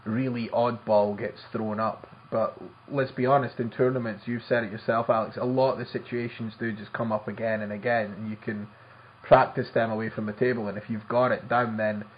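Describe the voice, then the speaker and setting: A man co-hosting a poker podcast. He speaks in a measured, steady way and reads out and sums up a listener's email. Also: fairly low pitch, muffled recording, a little hiss or hum. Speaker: podcast co-host. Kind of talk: casual podcast chat and reading listener mail.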